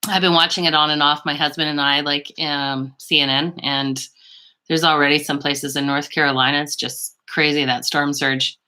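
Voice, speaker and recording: A woman's voice: sits low, little pitch movement, normal speed, pushed and bright. A woman hosting a casual beauty livestream from her bedroom on a laptop, chatting with viewers in a rambling, gushing way with little laughs. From Canada. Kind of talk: casual live chat with viewers. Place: home bedroom. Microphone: laptop microphone.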